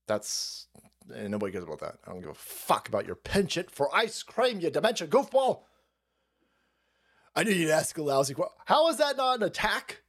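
A man's voice: on the high side, sing-song, moderate pace, fairly bright tone. A man hosting a live stream, reacting to news clips with mocking, profane commentary and frequent laughter. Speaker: stream host.

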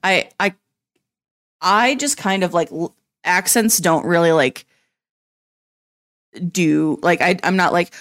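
A woman with a lowish voice and a faint Southern US twang. She co-hosts in a rambling, casual way, full of fillers and the odd curse. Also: normal speed, pauses often, a bit bright. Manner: rambling, filler-heavy, swears. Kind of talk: casual chat.

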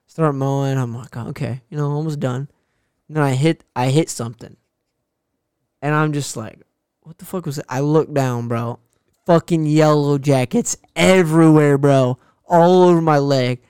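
A young man with a smooth, clear voice and a slightly raised pitch tells a story loosely and with a lot of swearing. The sound is close and dry, with almost no room around it. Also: dry recording. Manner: profane, animated storyteller. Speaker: podcast co-host. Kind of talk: casual chat, storytelling.

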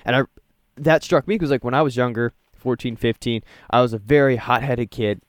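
A young man chatting casually on a podcast, animated, and acting out his own reactions in a raised voice. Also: medium pitch, a little fast, dry recording, studio quality.

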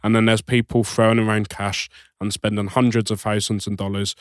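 Podcast guy, lowish voice, dry jokes, dead dry mic. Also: flat delivery, brisk, no echo. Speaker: podcast co-host. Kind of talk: casual chat.

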